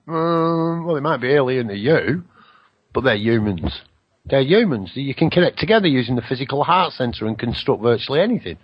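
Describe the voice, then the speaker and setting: A man's voice: medium pitch, big pitch swings, fairly quick, slightly rough, dull audio. A man hosting a radio show, rambling through a spiritual monologue, swearing now and then and slipping into mocking voices for other people.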